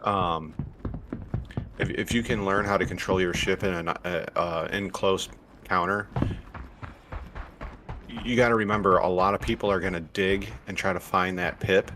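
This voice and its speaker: Deep-voiced man chatting over gameplay. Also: normal speed, long pauses, a little hiss or hum. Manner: relaxed, explains tactics with many fillers and restarts. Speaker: gaming streamer. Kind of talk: casual gameplay commentary.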